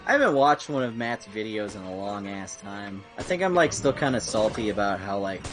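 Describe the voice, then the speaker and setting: A man's voice: lowish voice, animated, a little fast, a bit bright, soft background music. A man hosting a casual stream, chatting with friends over a voice call, rambling, swearing and often laughing. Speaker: stream host. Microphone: voice call mic.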